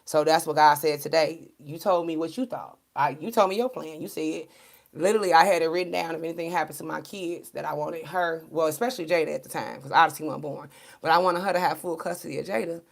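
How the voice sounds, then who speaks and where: A woman, giving viewers a casual spiritual pep talk as a tarot card reader, animated and preachy, laughing often and swearing casually. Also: low-pitched, fast, gravelly.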